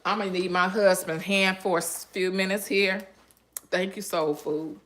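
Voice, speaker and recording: A woman hosting a live cooking stream from her home kitchen. She talks to her viewers in an emotional way and breaks into breathy exclamations. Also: medium pitch, steady tone, moderate pace, fairly bright tone. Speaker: cooking channel host.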